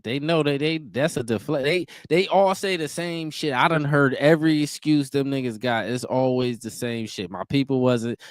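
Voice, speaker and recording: A man's voice: medium pitch, smooth, no room sound. A man hosting a reaction podcast, talking bluntly and emphatically with plenty of profanity. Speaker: podcast host. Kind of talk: casual reaction commentary.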